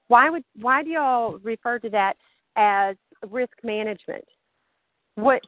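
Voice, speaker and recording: Woman, Southern accent, phone call host, higher voice, chatty, tinny line. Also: unhurried, dry recording. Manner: chatty, laughs often, acts out quoted conversations. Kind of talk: teaching on a group phone call.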